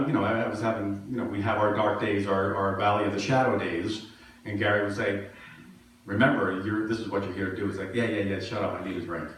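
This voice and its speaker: A man's voice: fairly low pitch, a bit bright, recorded from a distance. Man preaching in an echoey hall. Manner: conversational storytelling, self-deprecating humor. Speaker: minister. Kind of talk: sermon. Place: church sanctuary.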